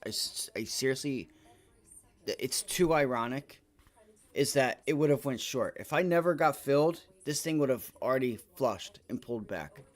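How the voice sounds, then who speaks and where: Excitable, profane day-trading streamer. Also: male voice, mid-range voice. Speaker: livestream day trader. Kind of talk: live trading stream commentary.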